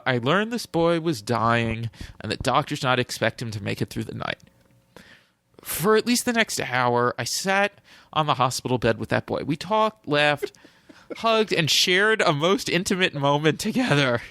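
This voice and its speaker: Lively bright-voiced man reading aloud. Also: mid-range voice, measured pace, creaky, no echo. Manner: reads aloud with mock solemnity, breaks into laughter. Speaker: podcast co-host. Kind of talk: casual podcast chat, mock-dramatic reading. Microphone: close studio mic.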